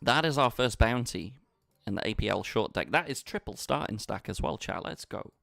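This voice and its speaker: A man's voice: on the low side, expressive, normal speed, vocal fry, sharp tone, dry recording, clean studio sound. A man chatting casually with his viewers while he plays online poker, bantering and talking to the chat. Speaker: poker streamer. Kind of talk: casual live-stream commentary.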